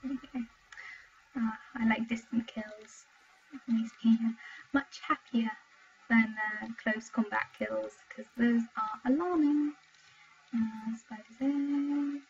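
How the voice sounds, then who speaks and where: A young woman from Wales chatting with her viewers while commenting on her gameplay, excitable and talkative, in dull lo-fi home stream audio. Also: a little high, slow pace, a little hiss or hum. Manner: chatty, excitable, exclaims at the game. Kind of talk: live gameplay commentary and chat.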